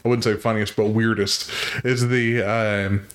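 A man's voice: lowish voice, flat delivery, a little slow, slight background noise. A young man co-hosting a casual chat, dropping dry, matter-of-fact remarks. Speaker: podcast co-host.

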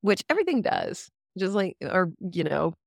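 A woman's voice: on the low side, very animated, normal speed, vocal fry, dry recording, clean studio sound. A woman talking candidly on a podcast, ranting freely, laughing and swearing as she goes. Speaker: podcast guest. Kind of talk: casual podcast conversation.

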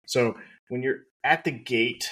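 Husky podcast guy telling a story, casual, laughs a lot, mid voice. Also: mid-range voice, takes it slowly. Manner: laughs often, lots of fillers, animated retelling. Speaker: podcast co-host.

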